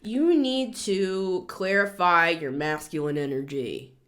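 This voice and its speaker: A woman's voice: takes it slowly, a bit bright. A woman in her thirties giving a blunt, scolding tarot reading in a casual monologue. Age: 30s. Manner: blunt, scolding, emphatic with sudden high outbursts. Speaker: tarot reader.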